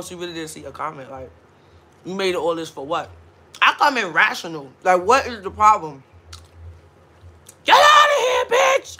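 A woman's voice: medium pitch, sharp tone. A woman hosting a mukbang livestream, ranting casually with blunt, profane talk and frequent laughs while hungover.

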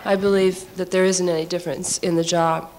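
A woman architect on a discussion panel, telling stories from her work in a lively, halting way with frequent laughs and restarts, recorded from some distance in an old panel recording. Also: fairly low pitch.

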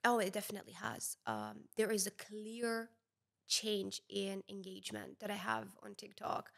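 Young woman guest on a podcast, chatty, tells stories with lots of quoted bits, normal pitch. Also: expressive, moderate pace, gravelly. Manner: chatty anecdotal storyteller. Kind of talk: casual interview chat.

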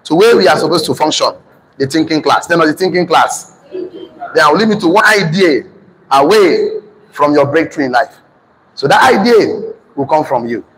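A man's voice: fairly high pitch, lively intonation, moderate pace, fairly bright tone, a little hiss or hum. Emphatic Nigerian man teaching in an echoey hall. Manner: emphatic, repetitive, dictating notes to the class. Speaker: class teacher and motivational speaker. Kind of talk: preachy motivational class talk. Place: hall with a live class. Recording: reverberant hall.

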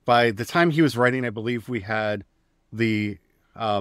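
A man's voice: mid-range voice, moderate pace, fairly bright tone, clean tone, no room sound. A man co-hosting a podcast about faith, with a mid-range voice recorded close and dry. He retells old stories in a wry, glib way, talking casually and with a sense of humor. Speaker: podcast co-host. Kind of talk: casual religious discussion podcast.

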